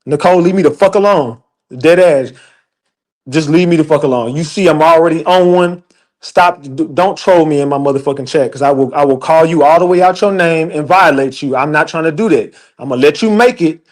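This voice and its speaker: A man's voice: a little high, brisk, darkish tone. A man ranting on a livestream, profane and emphatic, talking straight to his chat. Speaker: livestream commentator. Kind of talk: heated livestream rant.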